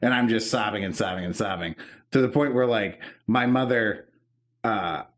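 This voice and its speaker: A man's voice: on the low side, moderate pace. A man in his thirties co-hosting a podcast, telling an emotional story in casual, profane chat. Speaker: podcast co-host.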